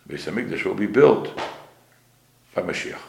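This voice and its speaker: A man teaches a class as a rabbi, his voice low and gravelly, with pronunciation. He explains Hebrew phrases, repeats key words and asks the class questions. The room adds a clear echo. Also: lively intonation, normal speed, a little hiss or hum. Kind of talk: Torah class lecture.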